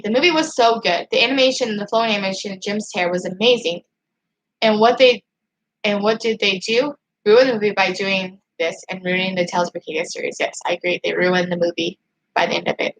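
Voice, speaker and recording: Excitable woman ranting on a livestream. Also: mid-range voice, fast, rough recording. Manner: excitable and frustrated, heavy use of "like". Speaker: channel host reading live chat. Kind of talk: casual livestream rant.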